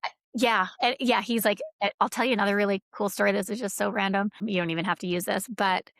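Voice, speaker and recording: A woman's voice: mid-range voice, steady tone, fast, fairly bright tone, no echo, clean studio sound. A woman guest on a podcast, telling stories in a rambling, casual way, with many fillers and quoted dialogue. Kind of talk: casual conversational storytelling.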